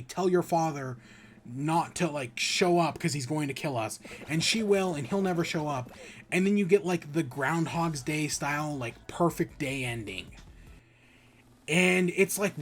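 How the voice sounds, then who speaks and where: Male podcast host, casual game review, rambling, profane, slightly high voice. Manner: rambling, profane, animated retelling with many restarts.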